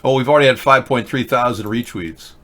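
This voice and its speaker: A man's voice: medium pitch, a little fast, a bit bright. Sarcastic rambling livestream host, a man. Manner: sarcastic, rambling, reads comments and tweets aloud. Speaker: livestream political show host. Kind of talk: casual live chat reading viewer comments.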